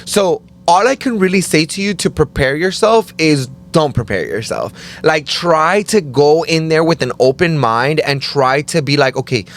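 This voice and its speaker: A man with a slightly raised pitch chats casually as a co-host. He tells a personal story with lots of "like" and jumps into higher voices when he quotes people. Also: normal speed, few pauses. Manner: animated, acts out quotes in higher voices, says "like" often.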